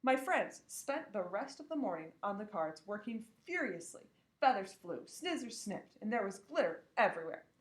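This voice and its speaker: Expressive woman reading a children's book. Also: mid-range voice, normal speed, hardly any pauses. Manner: expressive, acts out the characters. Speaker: reader. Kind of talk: children's book read-aloud. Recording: echoey room.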